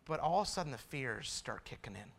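A man preaching a testimony sermon, quiet and confessional at times, building to loud, fervent preaching. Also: medium pitch, sing-song, fast talker, vocal fry.

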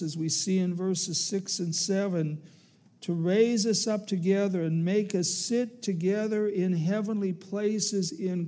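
A man preaching a sermon as pastor, measured and emphatic, quoting scripture in slow, stressed phrases. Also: high-pitched, darkish tone.

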